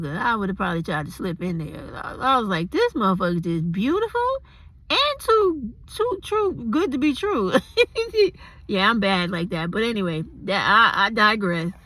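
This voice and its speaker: Older woman vlogger, blunt and foul-mouthed, bright forceful voice, dry close sound, rambling casual commentary. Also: medium pitch, dry recording. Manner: blunt, profane and rambling, with digressions.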